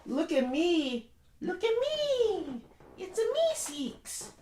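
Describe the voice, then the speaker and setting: A squeaky little cartoonish show-off, as a man puts him on, drawing each word out slowly and high. The voice stays thin and exaggerated. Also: wildly swooping pitch, a little mellow, echoey room, slight background noise, full character voice. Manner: slow, drawn-out, high squeaky delivery.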